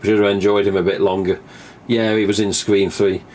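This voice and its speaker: Man, live stream host, rambling casual talk, low voice. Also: flat delivery, brisk, a little mellow, slight background noise. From England. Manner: chatty, swears casually, acts out remembered dialogue.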